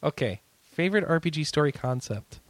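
A man's voice: fairly high pitch, lively intonation, a little fast, no echo. A man co-hosting a casual podcast chat, joking and trailing off mid-sentence. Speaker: podcast co-host.

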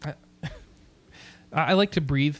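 A man hosting a casual podcast, chatty and quick to laugh while he runs through news items. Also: fairly high pitch. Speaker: podcast host.

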